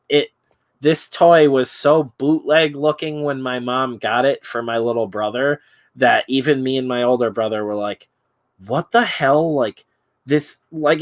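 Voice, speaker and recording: A man hosting a stream, telling a crude story in casual chat and laughing often. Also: medium pitch. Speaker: stream host.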